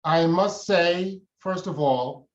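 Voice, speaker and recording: A man speaking slowly and solemnly as a guest speaker, with an emotional, oratorical delivery. The sound is dull and lo-fi, and it echoes around the room. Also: high voice. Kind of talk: formal public address.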